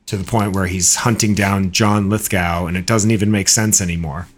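A man with a somewhat low voice chats casually on a podcast. He is animated and sarcastic. He often leaps up in pitch for emphasis. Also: normal speed. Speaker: podcast co-host. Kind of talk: casual chat.

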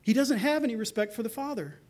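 A man's voice: extremely high pitch, fast talker. A man preaching a sermon, speaking animatedly and voicing the characters in the passage as he goes. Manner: animated preaching, acting out characters' quotes with rising intensity. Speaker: pastor.

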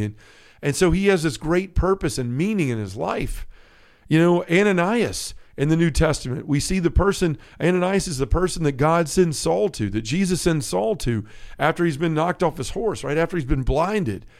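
A man's voice: on the high side, darkish tone. A man hosting a faith podcast alone, speaking earnestly and conversationally and often checking in with "right?". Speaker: podcast host. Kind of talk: casual faith talk.

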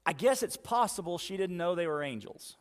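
A male pastor preaching a sermon, retelling scripture with dramatic pauses and slowing on key words. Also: sits high, animated. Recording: long reverb of a church hall.

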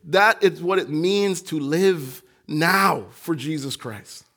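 Male pastor, high voice, delivers an impassioned sermon that swings from hushed lows to near shouts. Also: slow.

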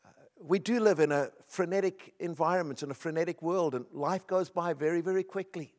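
A man's voice: a little high, fairly quick, a little mellow. A middle-aged man preaching a sermon, telling personal stories in an earnest, emphatic way. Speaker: pastor.

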